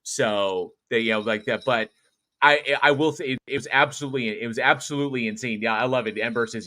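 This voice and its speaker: Bright-voiced man hosting a livestream. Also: medium pitch, quick pace. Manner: excitable, animated when telling stories. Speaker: host. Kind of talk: casual livestream chat.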